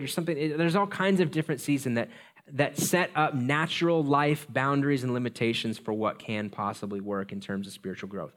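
A man preaching a sermon as pastor, talking in a loose, conversational and self-deprecating way, slipping into quick stories. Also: mid-range voice, a bit bright.

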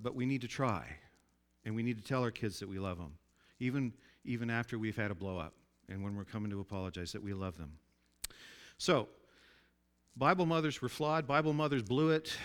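A man preaching a sermon in a conversational way, often asking his listeners to agree and dropping his voice low and soft for emphasis. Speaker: pastor.

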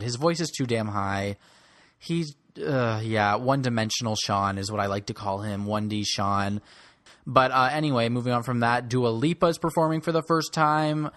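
A man's voice: medium pitch, fairly bright tone, no room sound. Snarky young man ranting about pop music. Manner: snarky and blunt, rants about artists. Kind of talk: opinionated solo commentary.

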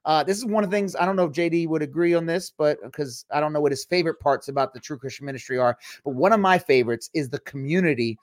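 A man hosting a Christian livestream show, talking in a chatty, rambling way with quick asides. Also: a little high, no echo, clean studio sound. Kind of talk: casual livestream chat.

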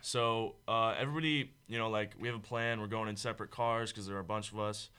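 A young man co-hosting a podcast, telling a high school story in casual chat, rambling and laughing along. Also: fairly even intonation, quick pace, pushed and bright, clear, resonant tone. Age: young adult. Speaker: podcast co-host.

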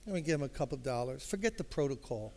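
A man's voice: mid-range voice, lively intonation, fast talker, vocal fry, a little mellow. An older man with a New York accent, a pastor telling a story in a sermon, conversational and acting out dialogue, swelling into emphatic passion. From Brooklyn, New York. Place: church sanctuary.

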